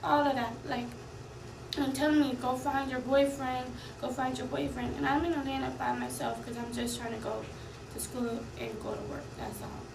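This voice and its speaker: Upset high-voiced young woman. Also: steady tone, creaky, roomy sound, distant mic, noisy background. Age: young adult. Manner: rushed, upset retelling. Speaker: college student. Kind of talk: recorded personal account.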